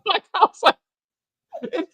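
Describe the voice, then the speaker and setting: A man hosting a casual TV review chat, animated and profane, acting out the characters' lines. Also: a little slow. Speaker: podcast host.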